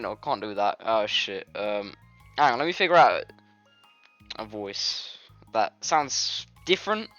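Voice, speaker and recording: A man's voice: lowish voice, sing-song, measured pace, a bit bright, no room sound, highs cut off, faint music behind. A man casually reading a visual novel aloud for a let's play, fumbling and self-mocking.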